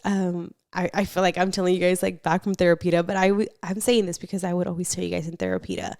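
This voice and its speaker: A young woman hosts a casual advice podcast in a chatty, animated way, swearing casually as she reacts. Her voice sits at a middle pitch. The sound is dry and close, with no room echo. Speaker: podcast host.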